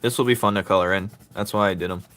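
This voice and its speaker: A man's voice: lowish voice, fairly even intonation, fast, a bit bright, a little hiss or hum. A man chatting casually while he draws, playful and giggly, cracking silly jokes. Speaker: artist drawing on stream. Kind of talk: casual chat while drawing.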